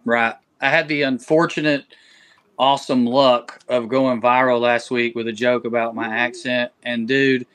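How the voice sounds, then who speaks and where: A man's voice: mid-range voice, flat delivery, unhurried, a bit bright. Appalachian man telling wry stories. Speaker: podcast co-host and comedian. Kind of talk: casual chat.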